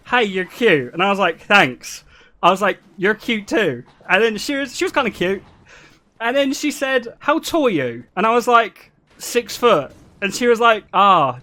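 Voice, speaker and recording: A man's voice: sits high, sharp tone. A British man streaming, telling casual stories to his chat, joking, swearing freely and laughing often. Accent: British English. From Britain.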